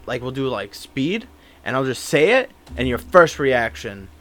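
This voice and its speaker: A man's voice: medium pitch, big pitch swings, measured pace, a bit bright. A man in his twenties co-hosting a podcast, telling stories casually with lots of fillers. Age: 20s. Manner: rambling, filler-heavy storytelling. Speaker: podcast co-host. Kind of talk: casual chat.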